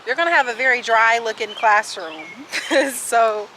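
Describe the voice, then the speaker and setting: Slightly high and unhurried, with a sharp edge, the young teacher talks over light background noise while walking outdoors. In her twenties, she answers viewers' questions in a casual handheld vlog, out of breath, sassy and chatty, addressing them as "sis" and "y'all."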